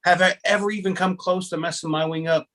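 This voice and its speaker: A man's voice: high voice, fairly even intonation, fast talker, fairly bright tone. A man hosting a casual video call chat, telling stories with many restarts and poking fun at himself. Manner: rambling storyteller with many restarts; self-mocking. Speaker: host.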